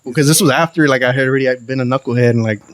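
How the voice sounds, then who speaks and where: Animated young man telling a story. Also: mid-range voice, racing, dry recording. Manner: animated, profane, slangy storytelling with acted quotes. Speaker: podcast guest. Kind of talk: casual storytelling.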